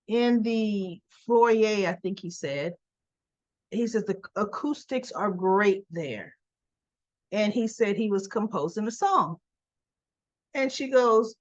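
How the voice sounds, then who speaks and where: A woman's voice: fairly high pitch, animated, a little slow, no room sound, muffled recording. A woman hosting a soap opera recap, casually retelling scenes and acting out the characters' quotes.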